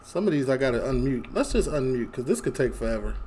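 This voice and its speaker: A man's voice: medium pitch, sing-song, fast talker, mellow, slight background noise. A young man from Chicago hosting a casual reaction video, chatting, laughing often and reading memes aloud. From Chicago, USA.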